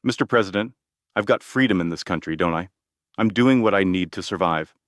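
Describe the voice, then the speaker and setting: A man reading the lines of a determined, frustrated young woman, in a sharp but steady manner. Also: low-pitched, a little fast, no echo, studio quality, lightly acted. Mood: defiant. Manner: sharp, steady, pushes back.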